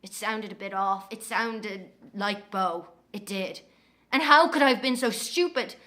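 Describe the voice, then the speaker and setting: A woman's voice: mid-range voice, bright, forceful tone. An actress with an Irish accent playing a young woman haunted by her missing twin, telling her story as a dramatic monologue in an audio drama. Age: young adult. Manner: breathless storytelling, quick to anger.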